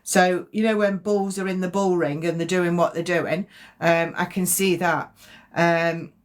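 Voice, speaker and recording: A woman's voice: on the low side, fairly even intonation, unhurried. A woman giving a chatty, rambling psychic card reading on a live stream. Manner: chatty, rambling, self-correcting.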